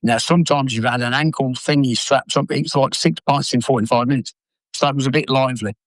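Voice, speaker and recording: An older former footballer telling blunt, sweary stories in an interview. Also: male voice, medium pitch, brisk, no room sound, poor audio. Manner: blunt, sweary, animated anecdotes. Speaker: former footballer and manager, guest. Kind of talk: casual storytelling interview.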